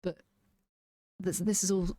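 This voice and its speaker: A woman's voice: lowish voice, little pitch movement, unhurried, dark tone, no room sound, clean studio sound. A woman casually reviewing an album, thinking aloud, restarting sentences and laughing now and then. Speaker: music reaction host.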